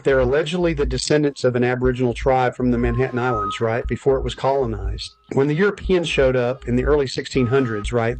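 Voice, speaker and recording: A man's voice: mid-range voice, slight background noise, low-quality recording. A man telling a creepy story in a conversational way, often checking in with "right?". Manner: conversational, keeps adding "right?". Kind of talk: conspiracy storytelling.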